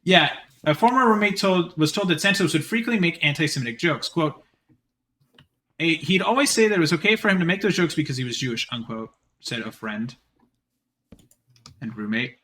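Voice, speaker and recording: A man's voice: fairly high pitch, lively intonation, sharp tone, slight background noise. A man streaming live, reading an article aloud and breaking off for casual, chatty asides. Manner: quick chatty reading with many fillers and restarts.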